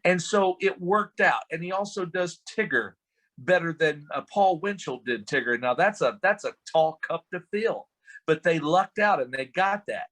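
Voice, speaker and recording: A middle-aged man, a voice actor, talking on a video call in a rambling, animated, joking way. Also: on the high side, moderate pace, poor audio. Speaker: voice actor guest. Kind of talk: casual panel chat.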